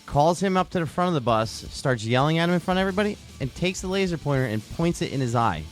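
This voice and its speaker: A man's voice: fairly high pitch, expressive, fast talker, soft background music. A man hosting a podcast, telling a heated story full of swearing and restarts. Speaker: podcast host. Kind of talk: casual chat.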